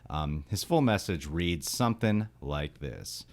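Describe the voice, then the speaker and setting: A man's voice: rumbling low, expressive, unhurried. A man hosting a casual movie podcast, talking loosely with restarts and frequent laughter. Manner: laughs often, rambling with restarts. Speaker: podcast host.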